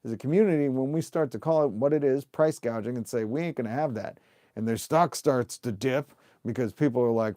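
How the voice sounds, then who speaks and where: A man's voice: mid-range voice, fairly quick, dark tone, no room sound, studio quality. Fired-up man ranting to his stream. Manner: fired-up, emphatic, rhetorical questions, occasional swearing. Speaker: livestream host and union organizer. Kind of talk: impassioned livestream rant to viewers.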